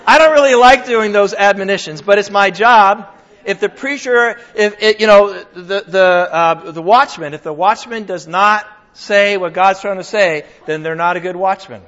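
A man's voice: high voice, moderate pace, fairly bright tone. An older man preaching a sermon to his congregation, conversational and emphatic, joking with the people in front of him. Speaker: pastor. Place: church hall with a congregation. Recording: dull lo-fi sound.

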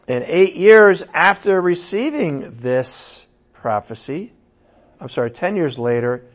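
A man preaching a sermon and teaching from scripture, emphatic, with sudden loud raised passages. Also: a little high. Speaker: pastor.

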